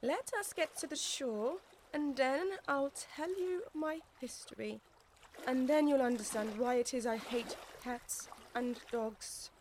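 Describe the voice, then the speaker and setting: A high, trembling little mouse, easily offended and indignant. The voice sounds a little distant, with faint trickling water behind it. It suits a storybook reading. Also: female voice, a little slow, a bit bright, slight background noise. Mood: trembling low.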